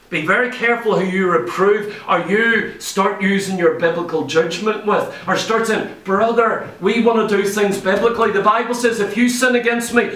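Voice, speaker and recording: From far off, a male preacher's very high, bright, piercing voice rings through an echoey church hall. His sermon is emphatic and loaded with rhetorical questions.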